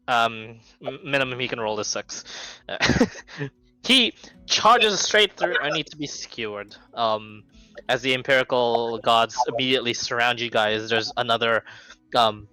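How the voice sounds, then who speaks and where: Man, game master, bright crisp voice, halting narration full of ums, faint music behind. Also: mid-range voice, dry recording, low-quality recording.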